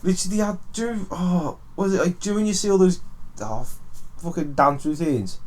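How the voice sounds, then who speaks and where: A man's voice: high voice, brisk, a little mellow. A young man from Wales, co-hosting a podcast, telling a rambling story and swearing often. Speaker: podcast co-host. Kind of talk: casual chat, storytelling.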